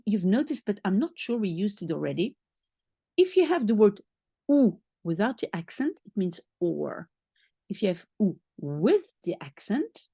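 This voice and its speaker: Woman teaching a beginner, slow and patient, breathy voice, lots of up and down. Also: mid-range voice, warm tone, no echo, studio quality. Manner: patient, step-by-step explaining with frequent rephrasing. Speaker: language teacher. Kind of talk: explaining a French lesson to one learner.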